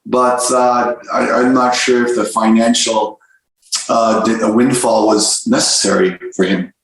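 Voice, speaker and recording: Animated male coach in an echoey room. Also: mid-range voice, measured pace. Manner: animated storyteller, many restarts and repeated words. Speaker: soccer coach, interview guest. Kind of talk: casual interview talk.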